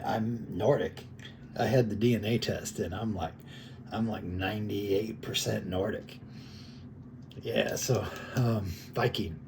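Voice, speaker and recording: This vlogger speaks in a mid-range, somewhat dark voice, with a little hiss or hum in the audio. He chuckles and rambles casually while critiquing other creators' videos, leaning heavily on fillers.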